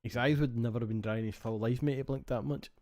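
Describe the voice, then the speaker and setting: A man's voice: medium pitch, steady tone, fast talker, a little mellow. A young Scottish man co-hosting a podcast, chatting casually with lots of swearing, slang and laughter. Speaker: podcast co-host. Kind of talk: casual chat.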